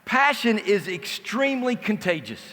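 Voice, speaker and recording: Male conference speaker, animated storyteller, high, bright voice, long hall reverb. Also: normal speed. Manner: lively storyteller acting out quoted dialogue. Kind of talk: motivational storytelling talk. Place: large indoor conference hall.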